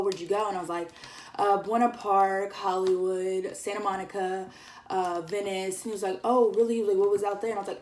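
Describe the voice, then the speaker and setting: A woman's voice: mid-range voice, a little mellow. A young woman vlogger telling a casual story, chatty and giggly, with lots of "like" and "um". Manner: chatty, giggly, full of fillers like "like" and "um". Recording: echoey room, somewhat far from the mic.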